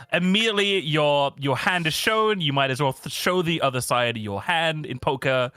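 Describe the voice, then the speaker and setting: A man's voice: a little high, normal speed, bright, forceful tone, dry recording. Laid-back young man on a dry mic. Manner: rambling, laid-back, swears and laughs often. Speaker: streamer. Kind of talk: casual chat.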